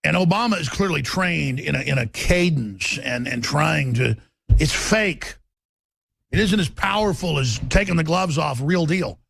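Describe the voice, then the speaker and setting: A man hosting a talk radio show, with a raspy voice and an intense, forceful delivery that swings between fast and slow. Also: a little high, animated, no room sound. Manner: intense, forceful, shifting pace.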